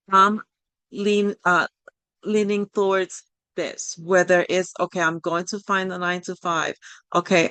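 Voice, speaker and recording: A woman's voice: on the low side, a bit bright, clear, resonant tone, no room sound. A woman with a non-native English accent leading an online coaching workshop, encouraging and rambling with many fillers and apologies, speaking over a video call. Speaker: life coach leading a group session.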